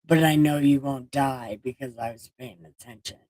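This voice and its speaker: A woman voicing a smooth-talking male serpent in a comic retelling, speaking softly and coaxingly. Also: extremely low pitch, steady tone, normal speed, dry recording.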